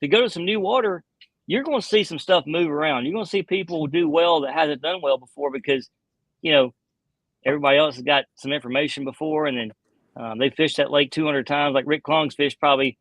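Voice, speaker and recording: A man who fishes bass professionally, chatting casually on a live stream and rambling with lots of fillers. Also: a little fast, fairly bright tone, no echo, poor audio. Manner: rambling, heavy on "you know" fillers.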